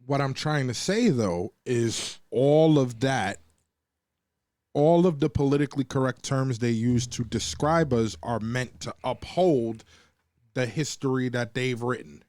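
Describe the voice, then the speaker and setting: A man's voice: medium pitch, measured pace, a little mellow, no echo. A man co-hosting a podcast, ranting in heated, profane casual talk and mimicking the people he quotes. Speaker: podcast co-host. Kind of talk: casual debate and storytelling.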